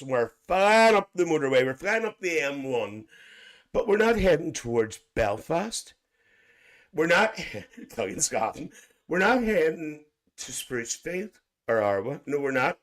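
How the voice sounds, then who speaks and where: A man's voice: a little high, sing-song, measured pace. A Northern Irish man hosts a casual live stream, reading out viewers' comments and spinning a loose, joking story for them. He talks in a chatty, teasing way and slips a chuckle in every few lines. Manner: chuckles often between lines. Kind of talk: casual live chat, imagined coach trip.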